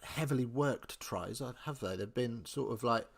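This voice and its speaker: A man's voice: mid-range voice, moderate pace, vocal fry. Young english guy doing a rugby watch-along live, chatty, kinda rambling, reads out viewer comments, mid voice. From England. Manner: chatty, thinks aloud, answers viewer comments. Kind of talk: casual live match commentary.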